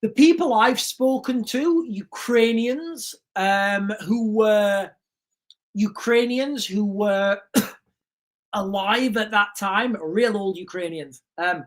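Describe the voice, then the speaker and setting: A woman's voice: mid-range voice, slow pace. A woman hosting a casual livestream, rambling and repeating herself, earnest and emotional, often calling her viewers "guys". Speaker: livestream host.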